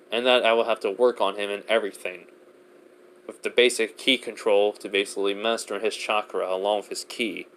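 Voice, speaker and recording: A man voicing a stern male android warrior in a fan story, speaking low, quiet and quick. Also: slight background noise.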